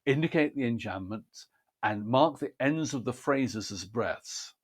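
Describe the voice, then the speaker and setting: A man explains poetry reading in a careful, precise teaching manner. His pitch sits in an ordinary middle range, and he lays out each point methodically. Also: lively intonation, measured pace. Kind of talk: scripted instructional talk.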